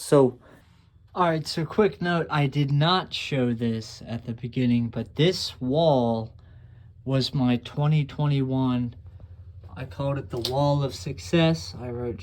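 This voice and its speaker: A young man chats to camera from a room at home, his story wandering with fillers and false starts. He turns self-deprecating now and then, and his voice sits at an ordinary middle pitch. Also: slow pace, darkish tone. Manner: rambling, self-deprecating, with many fillers and restarts. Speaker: vlogger.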